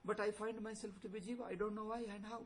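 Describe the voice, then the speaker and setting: An older man gives a spiritual lesson, driving points home through repetition and rhetorical questions. His voice sits a little high for a man, and a faint hiss runs under the recording. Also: little pitch movement, fast, rough recording. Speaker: Vedanta teacher. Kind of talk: spiritual lecture.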